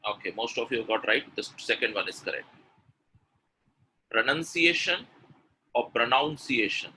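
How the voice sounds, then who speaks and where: A man's voice: lowish voice, fairly even intonation, fast talker, bright, forceful tone, slight background noise, low-quality recording. A man teaching pronunciation in a live webinar, quizzing the audience with word pairs and praising their answers. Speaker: English pronunciation coach.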